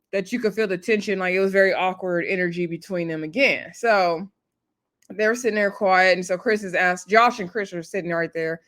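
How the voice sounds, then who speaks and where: A woman's voice: mid-range voice, a bit bright. Laid-back woman recapping a reality show. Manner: laid-back, laughing asides, frequent fillers. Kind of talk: casual chatty episode recap.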